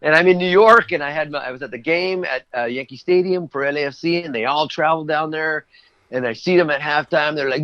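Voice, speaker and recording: A man's voice: on the high side, brisk, dry recording, muffled recording. A man who works as a voice actor, chatting as a guest in a casual interview and telling rambling anecdotes.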